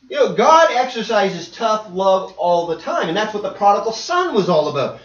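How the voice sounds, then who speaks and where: Male preacher, animated sermon delivery, swooping lively voice; distant, muffled, echoey recording. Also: high voice, a little fast. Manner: animated, acts out voices and dialogue. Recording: echoey hall, distant dull mic.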